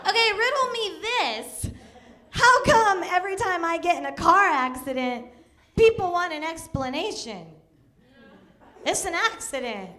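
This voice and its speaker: A woman's voice: very high-pitched, big pitch swings, unhurried, bright, forceful tone. A woman from New York City doing a stand-up comedy set, laughing often through her lines. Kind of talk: stand-up routine. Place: comedy club stage.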